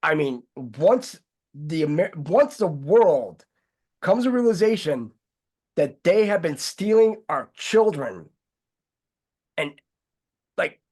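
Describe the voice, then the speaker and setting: A man's voice: a little high, very animated, slow, long pauses, a little mellow, breathy edge. Rambling, heated man hosting a talk show. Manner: rambling, heated, swears freely. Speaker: host. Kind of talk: casual online talk show chat.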